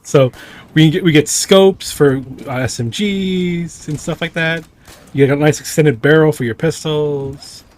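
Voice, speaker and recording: A man's voice: on the high side, measured pace. A man streaming a video game, chatting casually and rambling through menu choices. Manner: rambling, with fillers and sound effects. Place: home streaming setup.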